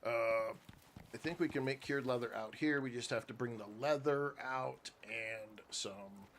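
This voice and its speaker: A man's voice: mid-range voice, measured pace, a little hiss or hum. Profane storytelling middle-aged man. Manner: profane storytelling, loud when excited. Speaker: gaming streamer. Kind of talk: casual chat while gaming.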